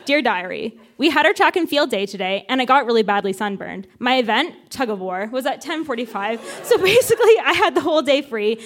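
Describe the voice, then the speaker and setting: A woman with a high voice reads entries from her old teenage diary to a live crowd. Her delivery is wry and playful, leaning into each line for comic effect. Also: lively intonation, brisk, few pauses. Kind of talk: reading old diary entries aloud on stage. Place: live show with audience laughter.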